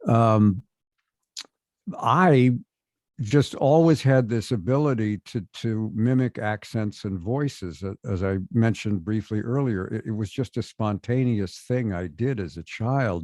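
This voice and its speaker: An older man with a standard American accent, telling stories in a measured, thoughtful way as an interview guest. His voice sits fairly low. The sound is dry and close. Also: darkish tone, no room sound. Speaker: guest voice actor. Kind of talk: interview conversation.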